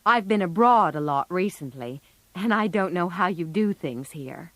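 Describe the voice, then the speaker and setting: A woman's voice: lowish voice, animated, normal speed, fairly bright tone, no room sound. A woman voicing a shy, polite teenage boy in a read-aloud storybook, in close to her own voice.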